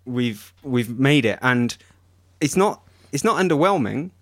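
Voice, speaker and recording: A man's voice: mid-range voice, expressive, a little slow, fairly bright tone, no echo. Podcast co-host, man, dry close sound, chatty and keen. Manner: chatty, enthusiastic, explains with examples. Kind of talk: casual tech chat.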